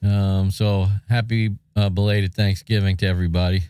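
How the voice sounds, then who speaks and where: Deep-voiced man giving short replies. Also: flat delivery, normal speed, warm tone, smooth, no echo, studio quality, soft background music. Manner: brief agreeing replies, light laughs. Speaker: podcast co-host. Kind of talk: casual chat.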